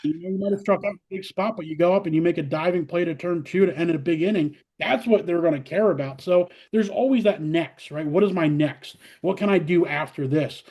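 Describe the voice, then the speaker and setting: Upbeat, fairly high-voiced man talking shop. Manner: energetic, quick storytelling with many fillers and restarts. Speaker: college softball head coach, guest. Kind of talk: casual interview talk.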